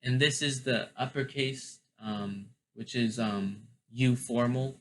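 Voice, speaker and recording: A man teaching German verbs in an unhurried, casual lesson. He talks slowly at a middle pitch and stops often with ums and restarts. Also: fairly even intonation, a bit bright, slight background noise, poor audio. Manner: slow, deliberate, many ums and restarts. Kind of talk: explaining grammar, casual lesson.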